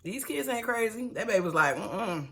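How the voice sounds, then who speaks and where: A woman's voice: on the high side, lively intonation, fast talker. A woman giving a sassy, chatty recap of a reality show, with slangy asides to her viewers. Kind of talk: casual TV episode recap.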